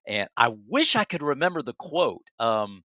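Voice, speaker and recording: A man co-hosting a casual motivational chat, animated and encouraging, often searching for words. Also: mid-range voice, normal speed, no room sound. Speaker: co-host. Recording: dry, slightly muffled lo-fi audio.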